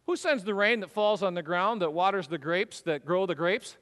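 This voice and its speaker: A man preaching a sermon, telling the story with lively, acted-out voices. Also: high-pitched, moderate pace, in a large hall. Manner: animated storytelling, acts out voices. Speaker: pastor.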